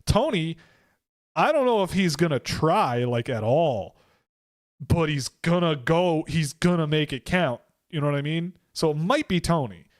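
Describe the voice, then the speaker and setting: A man's voice: on the high side, expressive, measured pace. A Canadian man hosting a hockey livestream, talking casually and with strong opinions, rambling and restarting, sometimes mocking others in exaggerated put-on voices. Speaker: host of a hockey prospect livestream.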